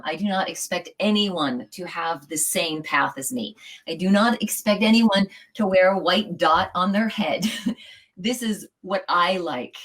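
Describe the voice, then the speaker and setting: A middle-aged yoga teacher speaks earnestly and from the heart as a guest in a casual interview, her thoughts flowing in run-on fashion. Her voice sits low with a fairly bright tone, and the recording is rough.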